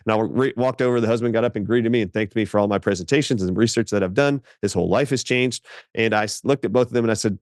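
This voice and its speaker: A man speaking as a doctor guest in an interview, telling stories in an emphatic, animated way. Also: fairly low pitch, fast, no room sound, studio quality.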